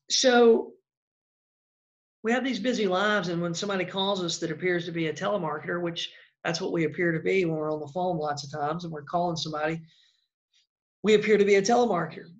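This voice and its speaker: Male real estate coach, blunt and chatty, gravelly voice, lo-fi sound. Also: high voice. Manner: blunt, conversational, acts out example calls. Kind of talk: casual coaching talk.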